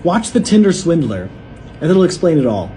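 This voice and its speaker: A man's voice: on the high side, sing-song, normal speed, a crowd in the background. An American man giving dating tips in a scripted video, upbeat and list-like. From United States. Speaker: video creator. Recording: roomy clip with faint noise.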